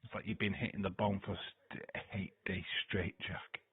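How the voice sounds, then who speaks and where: Husky man chatting on a tinny stream. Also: low voice, little pitch movement, normal speed. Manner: loose, swearing, laughing, chatty. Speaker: live-stream host reacting to wrestling. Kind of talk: casual live-stream chat, reading viewer comments. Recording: tinny phone-like dry sound.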